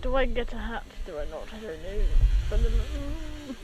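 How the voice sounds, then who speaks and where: A young woman chatting casually on a live stream, rambling and animated, laughing often. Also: on the high side, normal speed, a crowd in the background, poor audio. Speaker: stream co-host. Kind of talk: casual chat.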